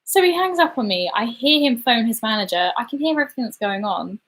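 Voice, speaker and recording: A woman's voice: fairly high pitch, animated, fast talker, fairly bright tone. Rambling woman telling a story. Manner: rambling, self-deprecating, many fillers. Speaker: livestream host. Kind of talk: casual storytelling chat.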